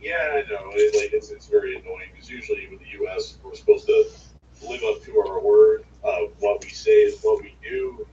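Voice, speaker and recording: A man's voice: on the low side, huge pitch swings, normal speed, warm tone. A man co-hosting a livestream, giving blunt, opinionated news commentary in a drawling, casual way. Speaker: livestream co-host. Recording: echoey room, far from mic, muffled, faint hiss.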